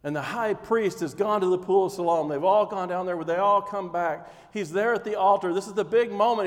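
High-pitched guy preaching, animated storytelling, big echoey hall. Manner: animated storytelling, acting out scenes with rising intensity. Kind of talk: sermon. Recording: long hall reverb.

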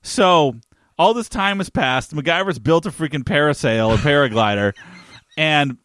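A man's voice: a little high, lively intonation, a little slow, a bit bright, dry recording. Wry man narrating a scene play-by-play. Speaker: podcast co-host. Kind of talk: casual recap chat.

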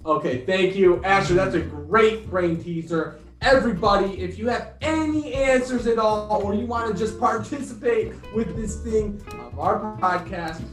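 A man's voice: high-pitched, normal speed, hardly any pauses, echoey room, recorded from a distance, soft background music. A man hosting a casual podcast, joking and laughing often. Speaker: podcast host.

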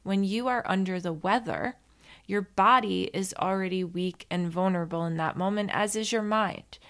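A woman's voice: mid-range voice, normal speed. A woman giving a casual self-help monologue, candid and chatty, swearing now and then and drifting into side stories while she talks straight to the listener. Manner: speaks to the listener directly with frequent "right?" and "like".

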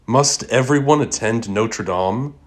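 A man's voice: mid-range voice, slow pace, natural voice. A man voicing a Dutch male café customer who is indignant and sardonic. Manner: sardonic, questioning.

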